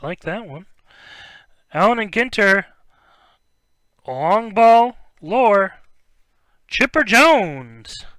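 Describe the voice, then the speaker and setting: A young man hosting a live-stream card break takes his time, leaving long pauses, his voice high, clear and resonant with no room sound. He rambles casually while opening packs, trips over player names as he reads them, and breaks into occasional bursts of excitement.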